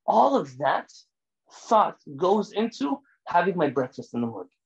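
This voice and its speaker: A man, a rabbi, giving a lecture full of stories, animated and emphatic, sometimes rising almost to a shout. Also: high-pitched, unhurried, creaky, highs cut off. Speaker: rabbi teaching a class. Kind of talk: lecture with storytelling.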